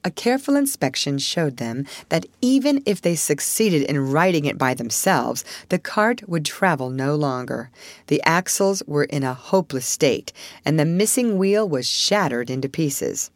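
A woman narrating a classic storybook aloud in an expressive, measured way. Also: deep voice, no room sound.

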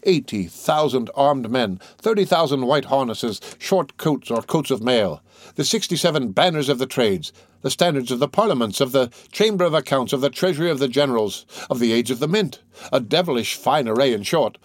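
Dude reading a boastful young captain, smooth-talking, showing off, mid-pitched. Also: male voice, animated, moderate pace, dry recording, close to an everyday voice. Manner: swaggering, grand declarations.

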